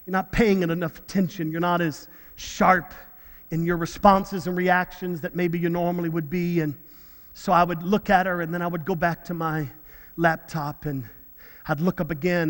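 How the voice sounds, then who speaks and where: A man's voice: high-pitched, level tone, moderate pace, big-room sound. A man preaching a sermon, telling a personal story earnestly, often repeating and restarting his words. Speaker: pastor.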